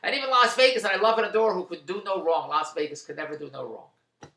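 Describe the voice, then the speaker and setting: A man's voice: sits high, fast, bright, forceful tone, roomy sound. A man delivering a rambling, indignant opinion monologue, repeating himself. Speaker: commentator.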